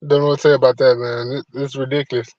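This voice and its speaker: A man's voice: mid-range voice, level tone, rapid-fire, a little mellow, dry recording, muffled recording. A man speaking as a guest in casual commentary, laid-back and dismissive, swearing freely.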